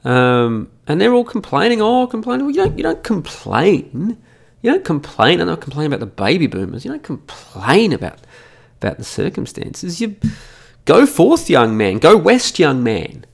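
Australian man, middle-aged, gravelly voice, bouncy swooping pitch, profane mocking rant, podcast mic. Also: wildly swooping pitch, moderate pace. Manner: profane, mocking, emphatic ranting. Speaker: podcast host. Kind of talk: ranting solo podcast monologue. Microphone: studio microphone.

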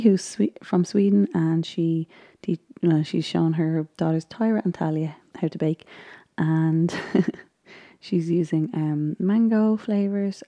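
Dark, gravelly-voiced woman chatting casually. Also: sits low, muffled recording. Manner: chatty and rambling, with frequent ums and laughs. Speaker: vlogger recapping a baking show. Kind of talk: casual chat.

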